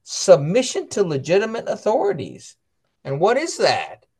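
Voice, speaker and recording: Animated man telling family stories. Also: high voice, normal speed, slightly rough. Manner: storytelling, acts out quoted voices; reads catechism passages aloud. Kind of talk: casual religious chat.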